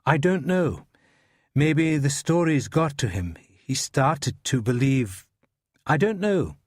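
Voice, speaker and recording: A man's voice: fairly high pitch, expressive, slow pace, a little mellow, dry recording, clean studio sound. An actor playing an evasive older male academic from Scotland, defensive under police questioning.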